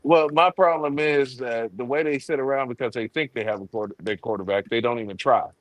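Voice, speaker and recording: A man's voice: medium pitch, brisk, dry recording, poor audio. A man on a sports talk panel, laying out his argument point by point in a casual debate. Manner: argumentative, lays out points step by step. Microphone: remote streaming call.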